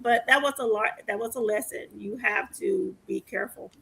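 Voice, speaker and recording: A woman in her forties hosting a podcast, telling stories in an animated way and laughing often. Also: on the high side, moderate pace, gravelly, breathy edge. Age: 40s. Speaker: podcast host. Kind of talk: casual interview chat.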